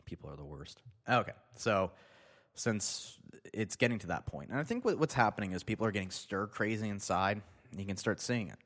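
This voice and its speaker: A low-voiced man rants with heavy sarcasm and frequent swearing. His words ring out with a long reverb behind them. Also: lively intonation, brisk, a bit bright. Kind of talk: profane comedic rant.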